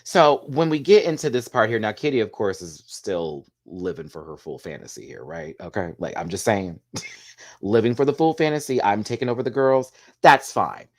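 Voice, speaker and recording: A man's voice: on the low side, expressive, normal speed. A man hosting a casual show recap, chatty and gossipy, laughing often as he talks. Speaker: host.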